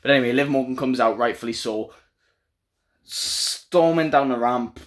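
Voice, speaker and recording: A man in the middle of a pitched voice, talking through a show recap in a loose, unscripted way. He is strongly opinionated and given to ranting, and he fills his sentences with "um" and "like". The tone stays casual rather than polished. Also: normal speed. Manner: opinionated, ranting, with frequent fillers. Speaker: wrestling show reviewer. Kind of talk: casual spoken review.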